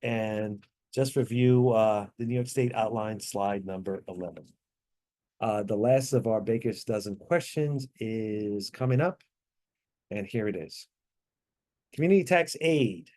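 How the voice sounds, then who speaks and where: A man leading a tax training class over a video call, explaining answers step by step with frequent fillers and quick apologies. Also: on the low side, mellow.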